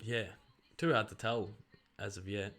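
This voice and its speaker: An Australian man streaming casual live play-by-play, excitably rattling off player names and breaking into loud calls. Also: on the low side, unhurried. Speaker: streamer commenting on a live game.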